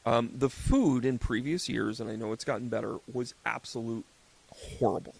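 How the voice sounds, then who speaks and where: Male host, fifties, gravelly voice, rambling comic storyteller. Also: medium pitch, normal speed, darkish tone. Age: 50s. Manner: rambling, joking storyteller who acts out little scenes. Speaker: host and psychic medium. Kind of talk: casual solo podcast talk.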